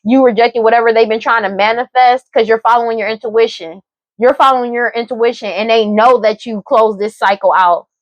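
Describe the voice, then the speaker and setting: A woman's voice: fairly high pitch, steady tone, a little fast, no room sound, lo-fi sound. A woman giving a casual tarot reading, talking emphatically and repetitively with a lot of profanity and frequent laughs. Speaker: tarot reader.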